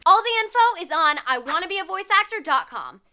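Very high, bright-voiced woman narrator. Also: very animated, a little fast. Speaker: video narrator. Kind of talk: scripted narration.

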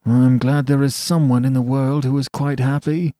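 A man's voice: medium pitch, flat delivery, moderate pace, mellow, no room sound, studio quality, pitched above the performer's own voice, lightly acted. A man reading aloud who voices a disappointed man muttering to himself. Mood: wistful. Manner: muttering, wistful.

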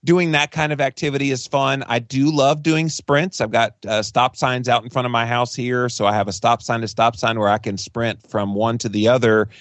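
A man's voice: mid-range voice, level tone, normal speed, few pauses, a bit bright, no echo. A man being interviewed as a podcast guest and author, talking casually and rambling, with restarts. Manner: chatty, rambling with frequent restarts and laughs.

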